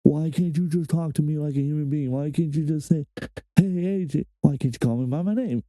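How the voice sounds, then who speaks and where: Guy ranting on a react vid, cursing a lot, super dark mellow tone, dead dry sound. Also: on the high side, a little fast, dry recording, poor audio. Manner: profane, heated ranting. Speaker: reaction video host. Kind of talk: casual reaction commentary.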